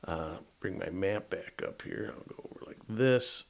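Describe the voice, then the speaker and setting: Speaking in a deep, gravelly voice at a measured pace, a middle-aged game master gives a rambling, conversational rundown of a game module, with "right?" tags coming up often.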